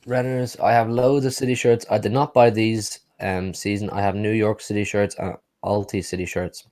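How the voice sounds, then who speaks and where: A man's voice: on the low side, level tone, moderate pace, darkish tone. A man with a Dublin accent co-hosting a casual football watch-along, upbeat and reading out viewer comments. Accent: Dublin Irish. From Dublin, Ireland. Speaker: co-host.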